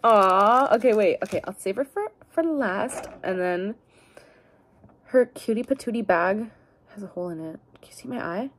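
Young woman vlogger, casual unboxing chat, cutesy and gushing, lively pitch swings. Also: moderate pace, a little hiss or hum. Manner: bubbly, cutesy baby talk, swings between squeals and mumbles.

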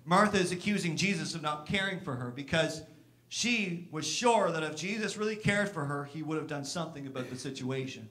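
Preaching man with a higher voice. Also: expressive, fairly quick, pushed and bright. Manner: earnest, acts out Martha's complaints with raised pitch. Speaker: pastor. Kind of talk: sermon. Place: church.

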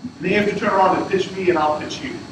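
A man with a high voice gives a blunt, sweary talk to an event crowd. He is heard from far off in a very echoey room. Loud noise runs under his voice the whole time. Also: fairly even intonation, racing. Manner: blunt, profane, emphatic storytelling. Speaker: startup founder speaking at a fireside chat. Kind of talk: casual talk to an audience.

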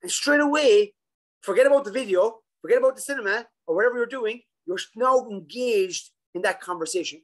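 A man presenting a coaching webinar over a video call, animated and acting out a worried coach's thoughts. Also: high-pitched, a little fast, poor audio. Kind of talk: casual webinar talk.

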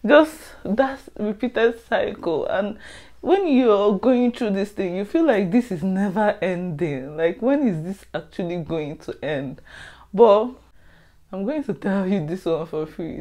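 A woman's voice: medium pitch, expressive, measured pace, a little mellow. A young adult woman tells her own story in a storytime vlog, candid and emotional, confiding straight to her viewers. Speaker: vlogger. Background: music.

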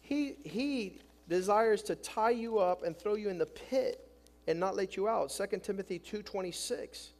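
A man's voice: high-pitched, moderate pace, darkish tone. A man preaching a sermon as pastor, acting out quotes with drama and often repeating his words.

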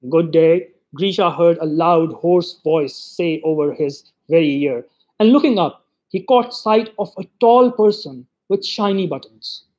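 A man from Pakistan with a high voice reads a short story aloud. His literary reading is expressive, and he gives voice to the quoted lines.

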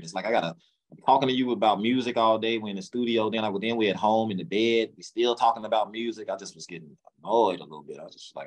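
A man's voice: on the low side, low-quality recording. A man, talking candidly in an interview and acting out what people said to him. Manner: casual, drawling, acts out past dialogue. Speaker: interview guest. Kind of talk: candid storytelling.

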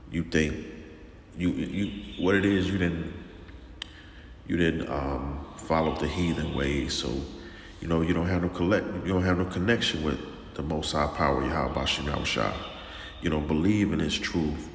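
A man preaching informally and sternly, talking slowly with lots of repetition and restarts. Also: a bass voice. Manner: slow and drawn-out, repeats himself, calls listeners "man", stern. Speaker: religious teacher. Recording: echoey room with long reverb and faint noise.

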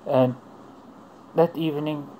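A man telling a personal faith testimony in an earnest, unhurried way, in short broken phrases. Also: on the high side, fairly even intonation, warm tone, slight background noise, poor audio. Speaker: churchgoer giving testimony.

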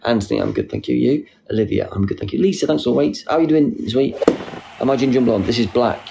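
A young man hosting a casual live stream, reading out comments with a playful, silly manner and sudden squeaky jokes. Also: sing-song, fast, creaky. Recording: faint background noise.

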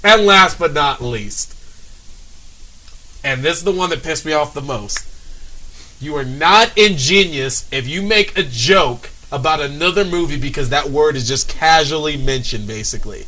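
A young man with a bright, forceful, slightly high voice ranting on a casual talk show. He is exasperated and profane, and slips into mocking imitations of other people. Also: expressive, normal speed, rough recording. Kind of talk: casual comedic rant.

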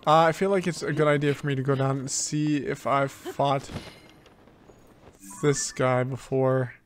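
A man at an ordinary pitch talks his way through a video game in relaxed commentary. He thinks aloud and often repeats the same phrase as he plays. Soft game music sits faintly behind him. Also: unhurried. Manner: thinks aloud, repeats himself while playing. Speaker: let's play host. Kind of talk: casual gameplay commentary.

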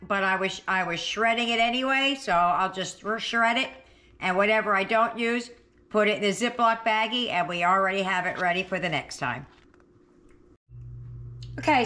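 A slightly high voice, pushed and bright, belongs to this middle-aged cooking channel host. She talks through her thoughts while cooking in her home kitchen.

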